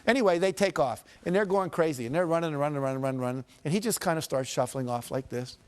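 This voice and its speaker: A man's voice: fairly high pitch, racing. A man giving a motivational seminar talk to an audience, telling stories and slipping into the quoted characters, with emphatic repetition. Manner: storytelling, shifting into quoted characters. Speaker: motivational speaker.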